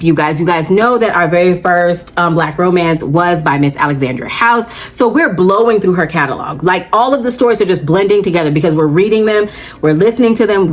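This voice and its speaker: A woman vlogging about audiobooks in a casual chat, gushing and chatty, calling her viewers "child" and "baby". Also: mid-range voice.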